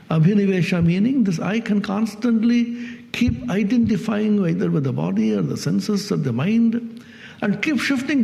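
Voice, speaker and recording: A man's voice: high voice, vocal fry, dark tone, in a large hall. A swami giving a spiritual discourse on Vedanta to an audience. He asks his listeners questions and acts out everyday speech.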